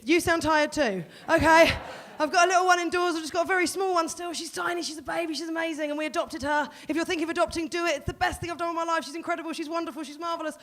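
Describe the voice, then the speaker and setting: A woman's voice: very high voice, a bit bright. A woman from Portsmouth, performing a self-deprecating stand-up set at a live comedy venue. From Portsmouth, England. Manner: quick self-deprecating storytelling.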